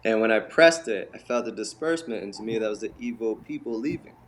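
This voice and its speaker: A man's voice: fairly low pitch, fast talker. A man telling his life story as an interview guest, acting out the voices of the people in it. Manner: animated, acts out quoted voices. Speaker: interview guest, bodywork healer. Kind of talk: storytelling in conversation.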